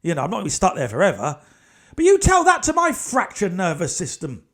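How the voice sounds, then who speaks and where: A man, a comedy podcast host, telling an off-the-cuff story in an animated way, building the tension and racing through parts of it. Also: sits high, quick pace.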